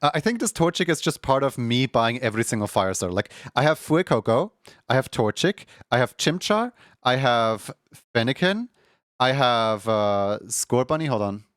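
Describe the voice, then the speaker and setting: A man's voice: mid-range voice, sing-song, moderate pace, fairly bright tone, no room sound, clean studio sound. A young man streaming at home in casual chat, rambling with lots of filler words and frequent laughs. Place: home room.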